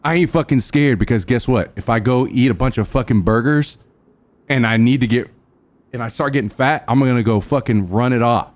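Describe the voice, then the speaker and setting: Brash, profane male streamer. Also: fairly quick. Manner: brash, profane trash talk to chat; thanks subscribers in a lowered, softer voice. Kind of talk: casual live-stream chat.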